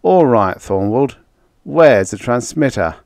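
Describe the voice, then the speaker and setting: A man's voice: medium pitch, lively intonation, takes it slowly, gravelly, a little mellow, no room sound, pitched above the performer's own voice. A man voicing a cold, bored, sneering male governor in an audiobook, in a commanding tone. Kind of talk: audiobook character voice.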